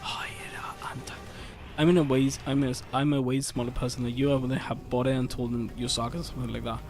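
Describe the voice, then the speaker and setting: A man streaming a game, telling a story in a casual, animated rant with swearing and frequent restarts. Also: mid-range voice, brisk, slight background noise. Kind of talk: casual chat while gaming. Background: faint game music.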